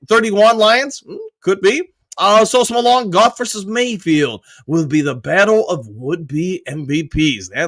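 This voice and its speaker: A man's voice: high voice, sharp tone. A man hosting a casual live sports stream, reading viewer comments aloud and chatting back with lots of "uh"s. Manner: loose, with frequent "uh" and quick self-corrections. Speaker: livestream host.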